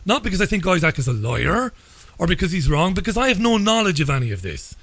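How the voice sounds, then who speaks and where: An Irish man in middle age hosts a radio interview in a measured, deliberate voice that sits a bit high for a man. He often restarts his sentences as he works toward a point. The sound is dry and close, with no room around it. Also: sing-song, a bit bright, no room sound. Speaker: radio host.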